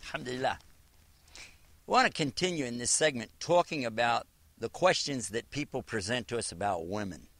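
Lively, gravelly-voiced male lecturer. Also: medium pitch, a little fast. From Virginia, USA. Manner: animated storyteller acting out dialogue. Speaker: Islamic lecturer. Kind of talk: religious teaching talk.

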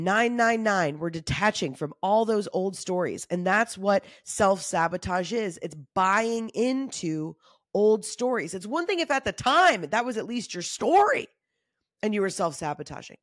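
A woman in her thirties hosting a motivational solo talk, candid, casual and animated, often saying y'all. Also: medium pitch, dry recording, studio quality. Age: 30s. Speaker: podcast host.

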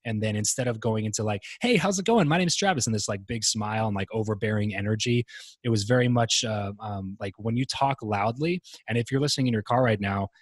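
A man talking as a podcast guest in casual interview chat, relaxed and rambling, with many fillers and restarts. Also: on the low side, a little fast, husky, no room sound.

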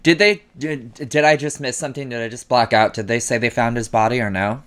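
A man's voice: mid-range voice, brisk, a bit bright. Chatty man reacting to a movie. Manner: chatty, laughing, swears casually. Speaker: reaction channel host. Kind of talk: casual movie reaction chat.

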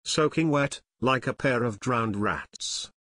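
A man's voice: medium pitch, slow, fairly bright tone, no echo. Fussy scolding aunt, read by a man, exclaiming, storybook voice, dry close recording. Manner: fussing, exclaiming.

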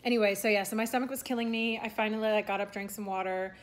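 A woman's voice: mid-range voice, fairly even intonation, quick pace. A young woman chatting casually in a vlog, rambling with lots of fillers and restarts. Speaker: vlogger and aspiring content creator. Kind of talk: casual talking-head vlog.

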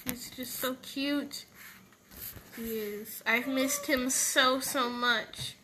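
A woman's voice: high-pitched, steady tone, very slow, pushed and bright, slight background noise. A woman voicing characters in a casual game roleplay, playful and switching between voices.

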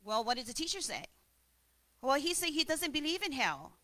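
A woman voicing a calm male rabbi who answers with dry questions. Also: very high-pitched, normal speed, heavily acted.

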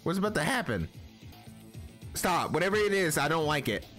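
Excitable, profane man playing a game. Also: on the high side, normal speed, soft background music. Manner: profane, excitable, shouting reactions. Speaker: gaming channel host. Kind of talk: gameplay commentary.

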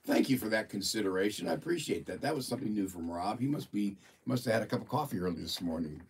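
A man's voice: lowish voice, animated, fast talker, far from the mic, a little hiss or hum. A man hosting a casual livestream, chatting and reading a viewer's report aloud in an amused, playful way. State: a bit of a frog in his throat. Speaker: livestream host.

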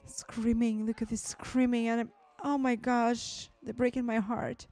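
High-voiced woman reacting to a film. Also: flat delivery, a little slow, warm tone, slight background noise. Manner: exclaiming and addressing viewers as guys. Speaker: movie reaction host. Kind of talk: emotional movie reaction commentary.

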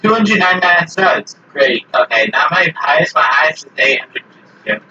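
A man's voice: on the high side, expressive, a little fast, sharp tone. A man chatting casually while playing an online game, joking and mocking himself. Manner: joking, self-mocking, laughs often. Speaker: gamer. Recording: distant lo-fi mic with faint hiss.

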